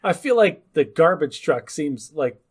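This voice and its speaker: Guy cohosting a podcast, kinda high voice, snarky and jokey. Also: sing-song, a little slow, slightly rough. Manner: snarky, joking. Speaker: podcast co-host. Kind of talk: casual chat.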